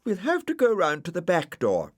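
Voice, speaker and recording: A man's voice: high-pitched, wildly swooping pitch, normal speed, no echo, studio quality, voice pushed up, exaggerated voice. A man reading a storybook aloud and voicing a polite, sensible young girl in a raised, prim voice.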